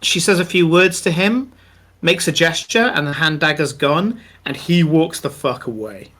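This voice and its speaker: A man's voice: a little high, fairly bright tone. A man narrating a tabletop game as game master, describing scenes at length with many ums and uhs. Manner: descriptive, unhurried, many fillers.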